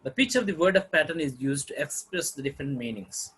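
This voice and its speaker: A man giving a phonology lecture, halting often with fillers and repeating phrases. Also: a little high, animated, fairly bright tone, slightly rough, rough recording.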